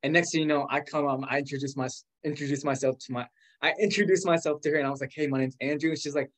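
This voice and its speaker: Excited young man telling a story. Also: a little high. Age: 20s. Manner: animated, quick, full of "like" fillers, acts out quoted voices. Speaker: guest. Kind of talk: casual storytelling.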